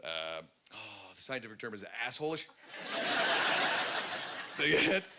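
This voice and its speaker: Rambling Canadian comedian, loud noisy room. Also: male voice, on the low side, takes it slowly. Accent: Canadian English. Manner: rambling, animated storytelling with frequent filler ums and outbursts. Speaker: stand-up comedian. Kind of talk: stand-up comedy set. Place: comedy club stage.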